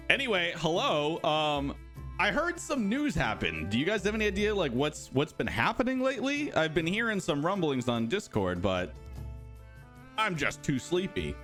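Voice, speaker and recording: Soft background music plays under this game studio livestream, hosted by a man in his thirties. His fairly high, fairly bright voice swings hugely in pitch at a moderate pace as he jokes around, says hello to viewers by name, and wanders off on tangents.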